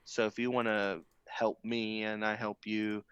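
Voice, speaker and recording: A man's voice: on the low side, level tone, unhurried, fairly bright tone, clean tone, dry recording, muffled recording. A man playing a tabletop role-playing game in casual chat, talking thoughtfully with frequent restarts. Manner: thoughtful, hesitant, lots of restarts.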